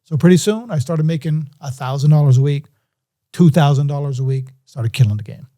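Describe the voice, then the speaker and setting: Male podcast guest, warm and relaxed tone, slightly high pitch, animated storyteller. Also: fairly quick. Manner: animated, acts out quoted voices. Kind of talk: casual storytelling.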